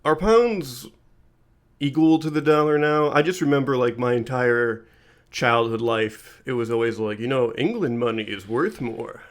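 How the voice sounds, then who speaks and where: A man's voice: medium pitch, normal speed. A man co-hosting a podcast, trading laid-back jokes in casual chat. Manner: laid-back joking banter. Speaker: podcast co-host.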